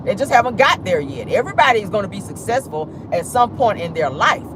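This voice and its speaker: Sassy, animated woman vlogger with an AAVE accent. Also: medium pitch, fast talker, noisy background. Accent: African American Vernacular English. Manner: sassy, blunt, laughs often. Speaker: vlog host. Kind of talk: casual commentary livestream.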